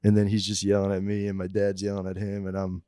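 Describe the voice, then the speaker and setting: A young man, a stand-up comedian guesting on a podcast, tells a story in a casual, animated, profane way and laughs between lines. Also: on the low side, fast, clean tone, no room sound, clean studio sound. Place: podcast studio. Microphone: studio mic.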